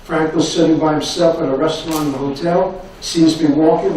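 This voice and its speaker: An older man giving a university lecture, telling stories in an animated way and repeating his phrases. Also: on the high side, brisk, distant mic, a little hiss or hum. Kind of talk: anecdotal lecture storytelling. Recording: echoey room recorded from afar.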